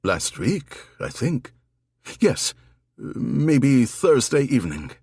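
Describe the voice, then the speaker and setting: A man's voice: mid-range voice, very animated, takes it slowly, creaky, darkish tone, slightly rough, dry recording, studio quality, pitched above the performer's own voice, exaggerated voice. A man voicing a polite, sympathetic German shopkeeper in an audiobook, hesitant and apologetic.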